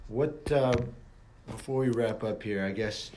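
A man hosting a podcast interview, talking in a relaxed, thoughtful, affirming way. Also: on the low side, unhurried, slight background noise. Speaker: podcast host. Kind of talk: casual interview chat.

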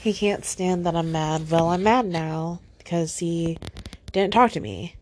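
A young woman hosting a solo podcast, tearful and venting, sighing often and trailing off in halting, repeated phrases. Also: fairly low pitch, a little mellow, slight background noise. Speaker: podcast host.

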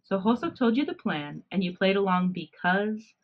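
Brief: woman reading as a proud male cat hybrid leader, cool and lecturing, a bit higher than her own voice, lo-fi podcast audio. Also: very animated, moderate pace. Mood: probing.

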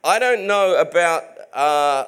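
A man's voice: a little high, expressive, slow pace, fairly bright tone, clean tone. A man preaching a sermon in an earnest, emphatic way, often restarting his sentences.

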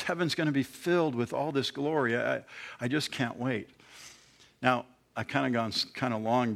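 A middle-aged man, a pastor preaching a sermon in a church, emotional and halting, with many restarts. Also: mid-range voice, a bit bright.

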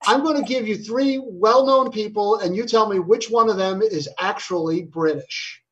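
A man's voice: high-pitched, normal speed, lo-fi sound. A man hosting a casual quiz game among friends, playful, swearing and laughing, tripping over his own answers. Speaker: game host.

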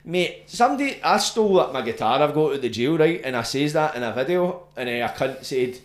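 A man's voice: on the high side, brisk, few pauses. Sweary Scottish man in a roomy space. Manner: sweary, slangy and animated storytelling. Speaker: podcast host. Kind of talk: casual chat. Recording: roomy echo.

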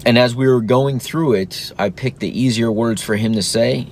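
A man's voice: medium pitch, moderate pace, a little mellow, a little hiss or hum. A man in his thirties, a father and host, talking casually and earnestly, now and then acting out his own sing-song praise to his little son. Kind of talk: casual reflective talk.

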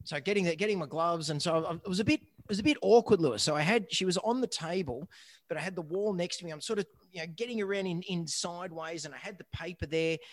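A man's voice: sits high, fast, no echo. An Australian man, a vet and podcast co-host, telling rambling stories with lots of restarts. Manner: rambling, stammering storyteller. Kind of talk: casual chat.

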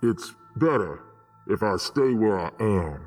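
Male narrator doing a faraway ghost dad: muffled, soft, slow, low and breathy, with a long echo and faint music behind. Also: expressive. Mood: calm. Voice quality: muffled, distant. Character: ghost of a father, calm and kind. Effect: faint distant echo.

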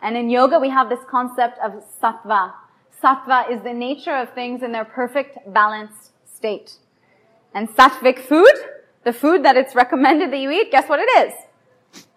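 A woman lectures on raw food and yoga to a live evening audience, chatty and playful, often putting questions to her listeners. Her voice is high and a bit bright.

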